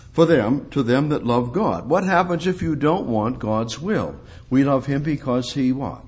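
Husky slow-preaching man. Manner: rhetorical questions, rising to emphatic high peaks. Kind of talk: sermon.

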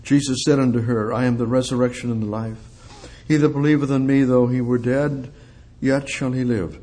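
A man preaching an expository sermon, reading scripture aloud as he goes. His delivery swings from loud, emphatic peaks down to low, quiet stretches. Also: normal speed.

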